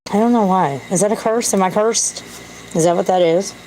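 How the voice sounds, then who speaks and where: A woman's voice: mid-range voice, brisk, mellow, a little hiss or hum, poor audio. A woman talking to camera in a candid, self-deprecating, rambling way. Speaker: vlogger. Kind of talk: casual rambling monologue.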